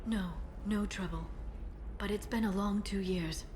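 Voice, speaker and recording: A woman's voice: mid-range voice, fairly even intonation, unhurried, darkish tone, slight background noise, lightly acted. An actress playing a composed, guarded alien woman who works as an information broker, in video game dialogue. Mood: earnest. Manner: guarded, earnest.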